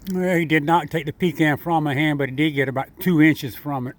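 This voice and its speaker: A man chatting and coaxing a squirrel in his front yard, repeating himself in a relaxed, chuckling way. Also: a little high, fairly quick. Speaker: vlogger feeding a squirrel. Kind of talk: casual talk to an animal.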